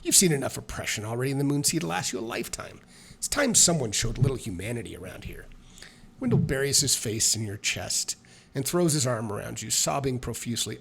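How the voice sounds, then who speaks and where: A man's voice: mid-range voice, lively intonation, fairly quick, creaky, a bit bright, slight background noise. A man reading a solo tabletop adventure aloud, with chatty, self-mocking asides between passages. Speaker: solo tabletop game player and narrator.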